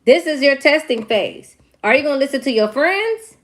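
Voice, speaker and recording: A woman's voice: high voice, lively intonation, normal speed. A young adult woman giving a casual tarot reading, stressing her points by repeating them. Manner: emphatic, repeats key phrases. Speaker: tarot reader.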